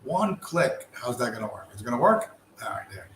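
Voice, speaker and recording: A man's voice: mid-range voice, sing-song, brisk, hardly any pauses, fairly bright tone. A man hosting a casual livestream, talking in a rambling, profane way with many restarts. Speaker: livestream host. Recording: echoey room with faint background noise.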